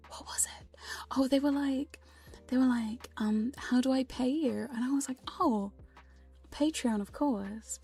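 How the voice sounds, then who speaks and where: A woman chatting in a whispered ASMR livestream, soft and breathy, laughing and swearing casually between close-mic whispers. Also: on the high side. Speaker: ASMR hypnosis streamer. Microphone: studio condenser mic close up.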